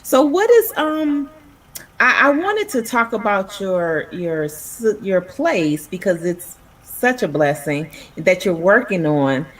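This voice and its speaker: A woman's voice: mid-range voice, sing-song, slow. Affirming woman talk show host. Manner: affirming, encouraging, faith-based.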